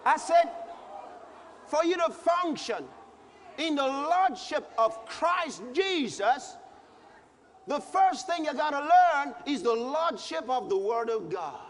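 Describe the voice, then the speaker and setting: A male preacher delivering a sermon emphatically, repeating phrases and breaking into shouts. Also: very high-pitched. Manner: emphatic, repetitive, bursts into shouts. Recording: long hall reverb, faint background noise.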